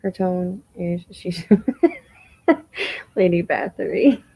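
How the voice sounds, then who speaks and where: Woman, lower voice, casual reaction chat, sarcastic and disbelieving, swears freely. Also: animated, very slow, gravelly, mellow, husky, low-quality recording. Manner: incredulous, mocking, swears casually. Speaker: streamer reacting to a clip.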